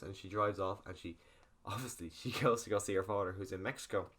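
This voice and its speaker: A man's voice: lowish voice, fairly quick, a bit bright. A man casually recapping a film's plot in a rambling spoiler review, full of fillers. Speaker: film reviewer.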